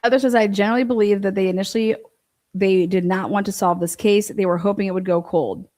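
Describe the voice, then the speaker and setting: A woman's voice: mid-range voice, fairly even intonation, fast, dark tone. Blunt, profane woman ranting. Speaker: livestream host. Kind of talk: casual livestream chat reading viewer comments.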